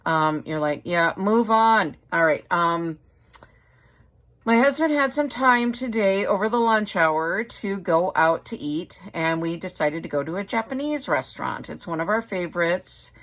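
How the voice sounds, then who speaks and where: A woman's voice: on the low side, lively intonation, normal speed, a bit bright. A middle-aged woman from Wisconsin chatting casually as a craft vlogger, rambling and laughing often. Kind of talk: casual chat.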